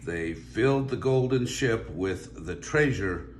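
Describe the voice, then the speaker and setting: An older man, a grandfather, reading a children's picture book aloud with a chuckling, lively manner. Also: lowish voice, slow, roomy sound, a little hiss or hum. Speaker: grandpa storyteller.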